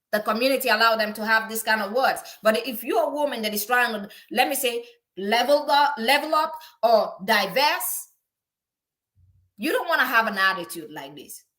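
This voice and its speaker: A woman's voice: fairly high pitch, pushed and bright. A woman hosting opinionated celebrity news commentary, lecturing outspokenly and often restarting her words mid-sentence. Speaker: commentary channel host.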